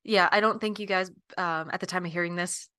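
A young woman co-hosts a podcast with easygoing, agreeable chat. Her voice is bright and forward. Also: on the low side, brisk, smooth, no room sound, clean studio sound. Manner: relaxed, agreeable, many fillers like yeah and mm-hmm. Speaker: podcast co-host. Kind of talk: casual chat.

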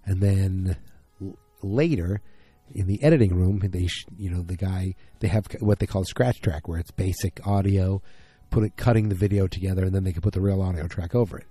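A tired man casually recapping a TV episode, rambling and acting out the characters' lines in quick bursts. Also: deep voice, mellow, slightly rough, no room sound, faint music behind. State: tired, yawning. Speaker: podcast host recapping a TV episode.

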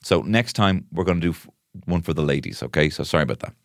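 A man with a very deep, low-pitched voice hosts a comic solo podcast. His intonation swings widely as he rambles, mocks himself and swears freely. The sound is dry and close. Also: animated, quick pace, creaky, dry recording. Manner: rambling, self-mocking, sweary. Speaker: podcast host.

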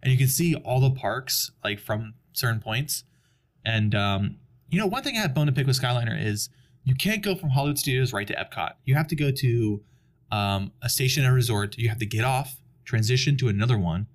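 A man's voice: mid-range voice, animated, brisk. A young adult man chatting casually on a podcast, telling a long story and acting out the people in it. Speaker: podcast guest. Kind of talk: casual chat.

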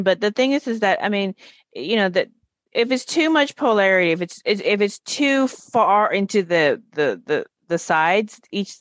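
A woman's voice: mid-range voice, lively intonation, measured pace, no room sound. A woman in a casual spiritual conversation, speaking reflectively and repeating key phrases for emphasis.

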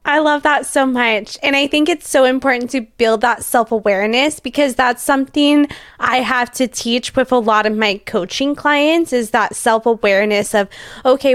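A woman's voice: fairly high pitch, clear, resonant tone, no echo, clean studio sound. A woman hosting a podcast interview, affirming and reflective, who works as a coach. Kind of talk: interview conversation.

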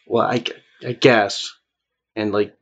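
A man playing a tabletop game, answering in a hesitant, halting way. His voice is husky, and the sound is dull and lo-fi. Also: fairly low pitch, flat delivery, a bit bright. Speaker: player.

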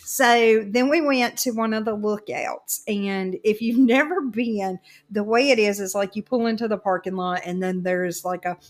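A woman with a Southern US accent telling a long, animated story in casual chat as a podcast co-host, full of fillers and frequent laughter. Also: medium pitch, moderate pace, hardly any pauses.

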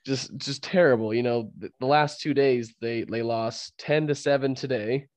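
A man hosting a laid-back sports podcast, with a cold. He laughs a lot and trips over his sentences as he rambles. His voice sits at a middle pitch and sounds close and dry. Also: steady tone, normal speed, no echo. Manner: laughs often, rambling with restarts. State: fighting a cold. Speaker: podcast host. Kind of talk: casual sports podcast chat.

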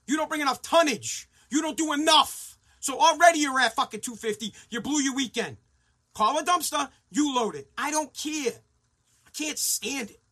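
A man's voice: very high voice, pushed and bright. A man hosting a talk show, ranting angrily and sarcastically, mocking people in put-on voices. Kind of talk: profane rant.

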